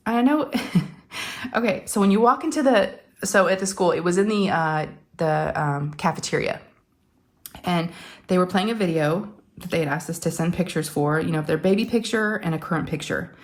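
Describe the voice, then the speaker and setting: Chatty lower-voiced middle-aged woman. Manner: rambling and heartfelt, with many fillers and restarts. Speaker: crafting channel host. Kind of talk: casual chatty storytelling to viewers.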